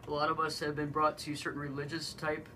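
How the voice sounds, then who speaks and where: Low-voiced woman, bright and animated. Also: quick pace, a little hiss or hum, poor audio. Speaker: radio co-host. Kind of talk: casual radio talk.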